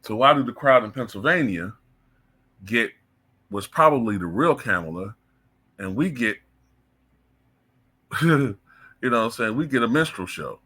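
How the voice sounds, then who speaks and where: A man's voice: mid-range voice, expressive, unhurried, pauses often, bright, forceful tone, husky. A man giving blunt, heated opinion commentary as the channel's host, cursing freely. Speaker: political commentator.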